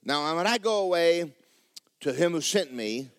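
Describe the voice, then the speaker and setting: Middle-aged male preacher, folksy, animated swoops, bursts into shouting. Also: a little high, unhurried, clear, resonant tone. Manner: folksy storytelling, rising to shouts. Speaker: pastor. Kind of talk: sermon.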